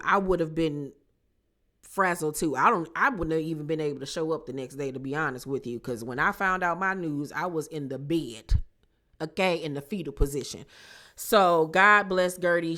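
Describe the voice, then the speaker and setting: A woman casually recapping a reality show on her channel, chatty and slangy, acting out what people said. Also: deep voice. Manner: animated, chatty, slangy, acts out quotes.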